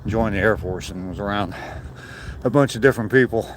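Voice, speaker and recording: An older man, chatting in a relaxed, rambling way on a live walk and greeting viewers by name. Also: lowish voice, a little fast, a little hiss or hum. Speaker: vlogger walking and reading chat. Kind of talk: casual chat on a live walk. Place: outdoors on a walk.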